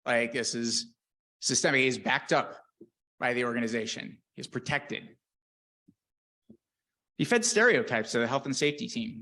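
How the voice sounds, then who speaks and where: A man's voice: mid-range voice, gravelly, fairly bright tone. A man, a research scientist, giving a conference presentation in an earnest, candid way, with fillers, restarts and wry humor. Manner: wry self-deprecating humor.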